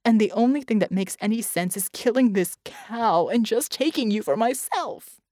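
A woman's voice: fairly high pitch, expressive, normal speed, darkish tone, no echo, studio quality, natural voice. A woman voicing a fierce, anguished young woman fighter who snarls and then drops to a choked whisper, in an audiobook.

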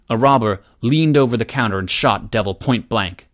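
A man narrating an action story aloud as an audiobook reader, in a steady, measured way. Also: mid-range voice. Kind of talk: scripted narration.

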